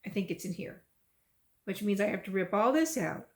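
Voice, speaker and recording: A middle-aged woman from Texas chats casually about her cross stitch and tells rambling stories, growing lively when she retells them. Her voice is medium-pitched and she speaks at a normal speed.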